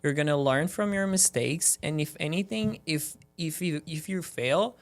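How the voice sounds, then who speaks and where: A man's voice: a little high, moderate pace. A man talking as a guest on a podcast, earnest and motivational, rambling with lots of "like"s. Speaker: guest, esthetician. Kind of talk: casual podcast chat.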